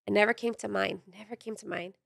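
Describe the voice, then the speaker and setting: A woman's voice: mid-range voice, fairly even intonation, fast, gravelly, a bit bright, breathy edge, no echo, clean studio sound. A woman co-hosting a podcast, chiming in with short remarks and then telling her own story in a casual way. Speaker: podcast co-host. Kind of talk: casual chat.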